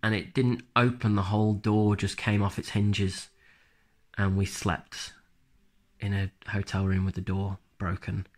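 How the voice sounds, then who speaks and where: A band drummer from England with a Black Country accent chats casually in an interview, relaxed, rambling and plain-spoken. His voice sits on the low side, a little slow, spoken quietly and close to the mic.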